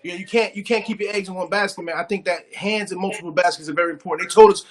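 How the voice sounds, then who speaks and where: A man's voice: sits high, steady tone, racing, crowd noise. A man hosting a casual podcast interview, enthusiastic and encouraging, often repeating his phrases. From Puerto Rican and Cuban heritage. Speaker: podcast host.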